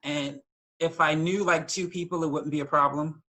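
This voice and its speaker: A man's voice: on the high side, steady tone, moderate pace, pushed and bright, low-quality recording. A man talking candidly as a writer guest in a casual interview, rambling a little with restarts.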